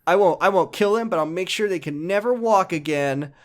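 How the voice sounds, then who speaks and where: A man voicing a spoiled, bratty rich little boy with a higher, whiny, sneering tone. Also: a little fast, close to an everyday voice. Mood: vindictive.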